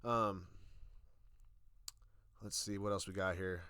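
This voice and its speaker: A man's voice: on the low side, huge pitch swings, extremely slow, long pauses, a bit bright, no echo, studio quality. A young man giving a profane, sarcastic rant as a YouTube reviewer. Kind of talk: ranting commentary.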